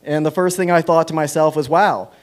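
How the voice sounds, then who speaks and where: A man's voice: fairly high pitch, little pitch movement, fast talker, clear, resonant tone. A man with a Canadian accent doing a self-deprecating stand-up set at an open mic, rambling through stories with plenty of fillers. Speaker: stand-up comedian. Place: small comedy venue on stage.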